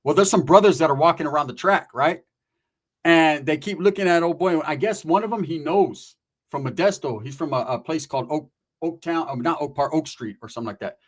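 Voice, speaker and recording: A man's voice: on the high side, fairly quick. A man from California telling a story in casual, profane street slang, often tagging his sentences with "right?". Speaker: storyteller recounting prison experiences.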